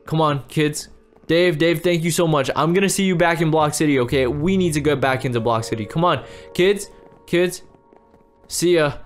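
A man acting out a game role-play as a frantic father, pleading and repeating himself. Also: fairly high pitch. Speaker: role-play creator and lead player.

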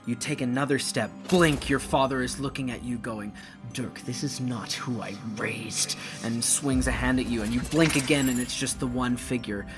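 A man's voice: mid-range voice, normal speed, music in the background. A man running a tabletop game as game master, narrating vividly with dramatic whispered asides.

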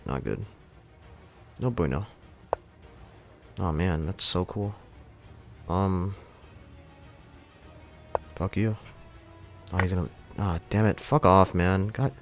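A young man with a deep, low voice talks through his game in casual commentary, swearing and mocking himself as his frustration flares. Faint music plays softly behind him. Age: young adult. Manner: frustrated, swearing, self-mocking, jumpy outbursts. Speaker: gaming YouTuber.

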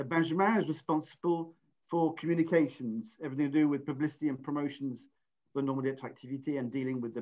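Chatty middle-aged Englishman hosting a webinar, fairly high voice, muffled video-call sound. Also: darkish tone. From England. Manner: chatty, self-deprecating, restarts often. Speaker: webinar host. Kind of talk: online webinar presentation.

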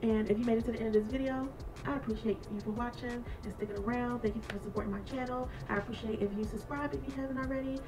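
A woman's voice: fairly high pitch, fast talker, far from the mic, music in the background, rough recording. Sassy woman telling a storytime vlog. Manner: sassy, animated storytelling with laughs. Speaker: vlogger.

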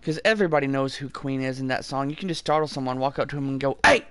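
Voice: mid-range voice, steady tone, racing, smooth, dry recording. A streamer giving rowdy, profane commentary while playing a shooter game, trash-talking enemies and breaking into bits of song. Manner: bursts into singing lines between kills. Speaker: gameplay streamer. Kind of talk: casual gameplay commentary.

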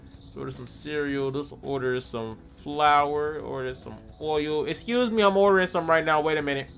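A man's voice: a little high, moderate pace, creaky, a bit bright, soft background music. Hyped young man joking through gameplay. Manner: hyped, joking, talks to game customers. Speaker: gaming YouTuber. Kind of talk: playful gameplay commentary.

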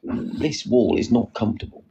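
A man's voice: fairly low pitch, animated, moderate pace, gravelly, mellow, lo-fi sound, slight background noise. A man chatting casually on a live stream, reading out viewers' comments and answering them. He sits outdoors on a wall and talks into a phone.

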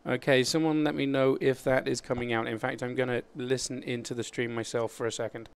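Smooth-voiced Australian man hosting a stream. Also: mid-range voice, level tone, dry recording. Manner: chatty, halting, laughs often while fixing tech. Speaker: live stream host. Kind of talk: casual live stream chat.

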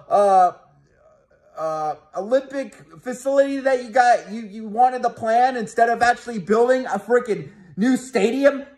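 A man ranting angrily and profanely as a sports fan vlogger, talking heatedly to his viewers with frequent restarts. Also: extremely high pitch. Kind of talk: angry fan rant to camera.

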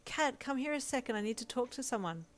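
A woman voicing a cheerful, bashful young male hero who talks softly and eagerly, in a storybook reading. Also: high voice, expressive, fast talker, voice pushed up. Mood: affectionate. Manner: soft, eager and sweet.

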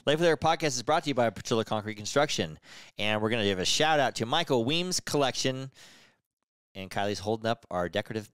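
A man's voice: medium pitch, lively intonation, fast talker, fairly bright tone, smooth, dry recording, clean studio sound. A man hosting a casual podcast chat with his wife, telling stories in a loose, joking way. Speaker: podcast host.

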